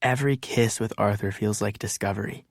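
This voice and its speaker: A man narrating an audiobook chapter in first person, relaxed and conversational. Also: on the low side, fairly quick, dry recording, studio quality.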